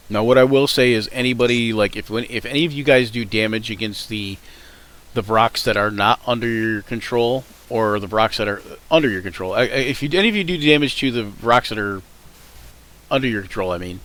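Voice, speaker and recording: A man's voice: on the low side, a bit bright. Rambling, self-correcting male game master. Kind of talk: running a tabletop game.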